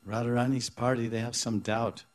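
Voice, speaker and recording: A man giving a devotional lecture, explaining scripture in a halting, searching way with many restarts. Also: medium pitch, little pitch movement. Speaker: spiritual teacher.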